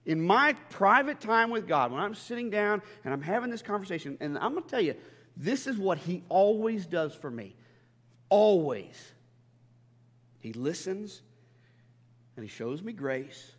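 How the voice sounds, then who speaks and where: A man preaching a sermon as a pastor, impassioned and stammering over restarts, swinging between loud and hushed. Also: high voice, very animated, a little slow. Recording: long hall reverb.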